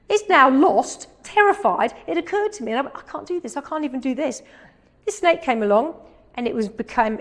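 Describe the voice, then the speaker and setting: A woman from England telling an animated anecdote in a talk, dropping to slow, hushed asides when quoting. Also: on the high side. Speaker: animal communicator giving a talk.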